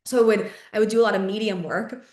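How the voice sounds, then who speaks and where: A young woman talks through a personal story as a podcast host, loose and chatty, full of fillers, curse words and little laughs. Her voice sits in an ordinary middle pitch. The recording carries a noticeable roomy echo. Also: steady tone, fast talker. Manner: chatty, filler-heavy, swears often, laughs mid-story. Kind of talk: casual storytelling monologue.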